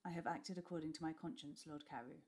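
Woman voicing a quiet, steady father. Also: sits low, brisk. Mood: calm. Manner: calm and quiet. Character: calm, principled father facing arrest.

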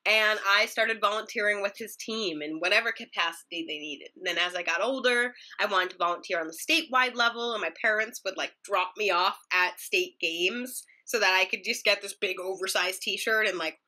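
A woman's voice: mid-range voice, moderate pace, hardly any pauses, sharp tone. A young adult woman, a news reporter, chatting casually as an interview guest and laughing often. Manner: laughs often, demonstrates anchor delivery.

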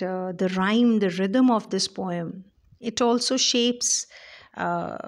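A woman lectures on poetry at an unhurried pace. She talks deliberately, with frequent fillers and self-corrections. Her voice sits at a middling pitch. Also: creaky. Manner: slow, deliberate, with many fillers and restarts. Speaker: English literature lecturer.

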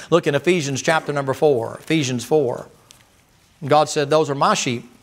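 Emphatic preacher, folksy and fiery. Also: male voice, fairly high pitch, normal speed. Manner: folksy, emphatic preaching with rhetorical questions and colloquial grammar. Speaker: pastor. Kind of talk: sermon.

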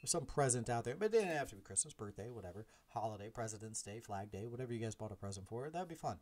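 A man in his forties, a podcast host, telling a personal story in a casual, animated way, acting out the dialogue and making self-deprecating asides. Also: mid-range voice, fast talker. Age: 40s.

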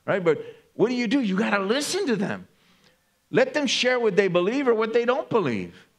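A man preaching a sermon with a voice that sits a little higher than most men's. He talks to his listeners rather than at them, and he often tags his points with a quick "right?" His delivery stays easygoing and personal. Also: very animated. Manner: conversational, often asks "right?" of the congregation. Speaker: pastor.

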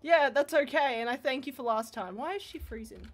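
High-voiced woman streamer, mumbling to screaming. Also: animated, a little fast. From Australia. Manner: loud, swings from mumbling to screaming; swears freely, self-mocking. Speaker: livestreamer. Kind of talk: casual streaming chat.

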